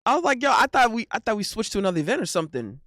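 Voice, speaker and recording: A man's voice: sits high, sing-song, very fast, sharp tone, dry recording, clean studio sound. A man streaming live, bantering casually with his chat, often exclaiming in disbelief and breaking into laughter.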